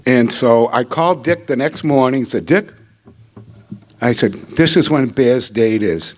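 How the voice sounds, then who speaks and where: A man's voice: mid-range voice, lively intonation, unhurried, darkish tone. An older man speaks into a podium microphone at a ceremony. He tells his story with humor and quips, in a mid-range voice, like a seasoned speaker thanking the people around him. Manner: joking anecdotal storyteller. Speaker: hall of fame inductee. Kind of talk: acceptance speech. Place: ceremony hall.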